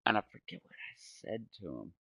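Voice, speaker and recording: A man's voice: lowish voice, big pitch swings, normal speed, gravelly, fairly bright tone, dry recording. A man in his forties telling a meandering story while gaming, often correcting himself and laughing. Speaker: gaming channel host.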